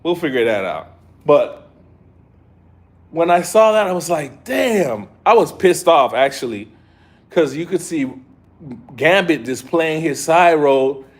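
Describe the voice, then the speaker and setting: A man giving a casual live review of an episode, retelling scenes in an excitable, slangy way. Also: fairly high pitch, measured pace, pauses often. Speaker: show reviewer.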